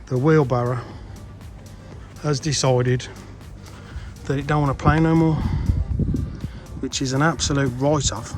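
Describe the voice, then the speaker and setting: Man, builder-vlogger, talks to camera outdoors, mid pitch, music bed behind. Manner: chatty, mild swearing, calls viewers guys. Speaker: pond builder vlogging his project. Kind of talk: casual on-site vlog. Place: outdoor building site in a garden. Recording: music playing underneath.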